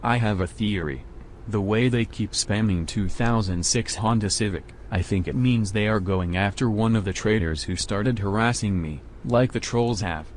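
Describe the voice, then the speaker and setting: A man's voice: lowish voice, normal speed, a little hiss or hum. A man on a live show, speaking in a dry, taunting way.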